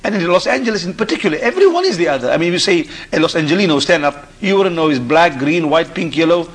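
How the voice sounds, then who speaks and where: Husky man, halting and restarting. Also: a little high. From Africa. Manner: halting, repeats and restarts phrases. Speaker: panel guest. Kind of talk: discussion on a radio call-in show.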